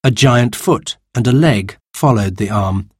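A man reading a children's storybook aloud in an expressive way. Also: on the low side, measured pace, breathy edge, no room sound, clean studio sound. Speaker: narrator.

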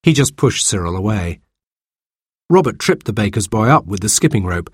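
A man reads a children's story aloud with a lively, expressive lilt. His voice has a husky edge. The recording is dry and close. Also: lowish voice, normal speed, no echo. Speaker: narrator.

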